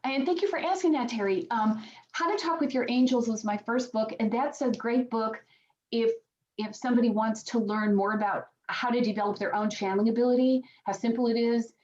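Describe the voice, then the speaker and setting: A woman's voice: fairly high pitch, a little fast, darkish tone. A woman guest on a podcast, a psychic medium, explaining her work earnestly with frequent restarts. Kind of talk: podcast interview answers. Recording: dull lo-fi sound.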